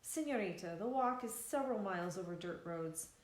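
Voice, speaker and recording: A polite, courteous hotel clerk, read by a woman makes gentle objections in a plain voice. The reading carries an echoey room sound. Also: medium pitch, expressive, a little fast, close to an everyday voice. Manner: courteous, with a laughing failed accent.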